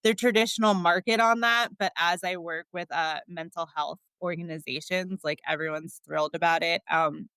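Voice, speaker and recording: Woman podcast guest, candid storytelling, bright tone, dry close recording. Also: fairly low pitch, clean tone, dry recording. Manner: chatty, frequent filler words, laughs often.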